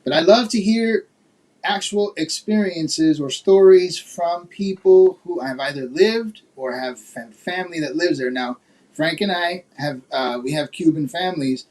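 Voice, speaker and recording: Male host from Florida, high voice, loose questioning style with many fillers. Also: measured pace, darkish tone. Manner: laughs often, asks questions with many fillers. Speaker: podcast host. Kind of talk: casual chat.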